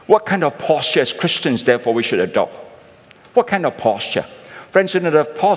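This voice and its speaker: A man preaching a sermon as pastor, calling his listeners friends and closing points with tag questions. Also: mid-range voice. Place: church sanctuary. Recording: long reverb of a large church hall.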